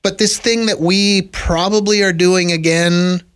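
A man's voice: high-pitched, steady tone, unhurried, fairly bright tone, smooth. A man co-hosting a podcast, chatting casually with wry, teasing humor. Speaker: podcast co-host. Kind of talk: casual chat.

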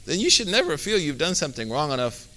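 Bright-voiced man giving a casual religious talk. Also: fairly high pitch, sing-song, fast talker. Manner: conversational, many fillers like "like", sprinkles Arabic phrases. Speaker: Islamic teacher and speaker.

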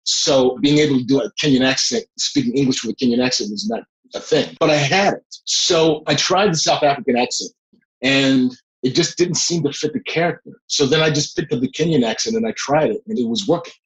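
A middle-aged man, an actor, telling anecdotes in a casual interview, animated and laughing along the way. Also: medium pitch, a little fast, lo-fi sound. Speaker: actor, guest.

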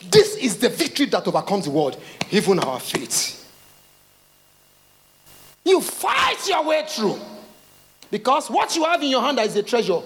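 A middle-aged man with a Nigerian accent, preaching a lively sermon and acting out voices of the people he quotes. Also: sits high. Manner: animated preaching, acts out quoted voices, laughs, calls out. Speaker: pastor.

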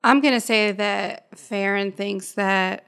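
Female player, sharp and clear tone, quick and playful. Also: medium pitch. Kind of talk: casual chat at a game table.

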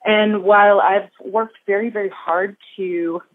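A woman's voice: mid-range voice, steady tone, measured pace. A woman from the Boston area with a light Boston accent leaves a chatty voicemail as a longtime listener, with many "um"s. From Boston area, United States. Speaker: listener calling in. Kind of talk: recorded voicemail message. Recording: tinny phone line.

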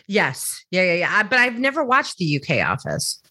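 American woman, podcast host, lower pitch, friendly and hesitant, dry recording. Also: huge pitch swings, moderate pace, sharp tone, no echo. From United States. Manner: friendly, hesitant with fillers and repeats. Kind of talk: casual podcast interview.

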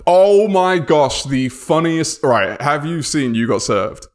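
A man's voice: fairly high pitch, slow. A man co-hosting a podcast, chatting casually with teasing, laughing banter. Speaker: podcast co-host. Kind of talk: casual chat.

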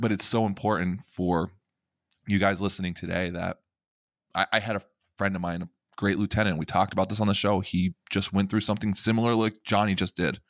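A man's voice: low-pitched, no echo, studio quality. A middle-aged man hosting a podcast, talking in an earnest, reflective way and often repeating words as he gathers his thoughts. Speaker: podcast host. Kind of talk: emotional conversational podcast talk.

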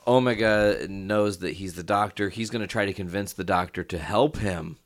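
A man's voice: low voice, moderate pace. A man in casual conversation, walking friends through a TV plot. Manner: relaxed storytelling, explaining plot. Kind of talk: casual fan discussion.

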